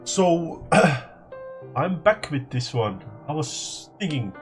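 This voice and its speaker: A man hosting a let's play, sick and hoarse, talking in a halting, apologetic way. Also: on the high side, animated, faint music behind. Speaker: gaming channel host. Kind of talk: casual let's play commentary.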